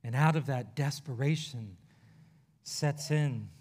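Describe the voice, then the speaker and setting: A male pastor preaching a sermon in an earnest, conversational way, rushing through some phrases and slowing on others. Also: medium pitch, darkish tone. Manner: earnest, conversational preaching with quick bursts and pauses.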